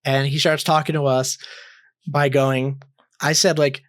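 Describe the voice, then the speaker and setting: A man's voice: mid-range voice, flat delivery, measured pace, dry recording. A young man co-hosting a podcast, telling a story in a rambling, casual way with lots of fillers, restarts and swearing. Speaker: podcast co-host.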